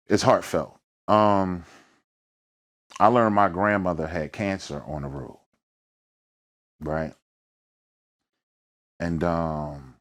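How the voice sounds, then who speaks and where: In a sit-down interview about his rap career, a rapper with a low voice and a Philadelphia accent tells stories full of energy. He uses thick slang, keeps saying "you know what I mean," and acts out the voices and sounds in his tales.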